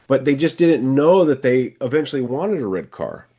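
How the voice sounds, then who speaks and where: A man's voice: medium pitch, big pitch swings, normal speed, few pauses, mellow, slightly rough. A man coaching a salesman one on one, casually acting out lines a salesman and a customer might say. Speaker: sales trainer and podcast host.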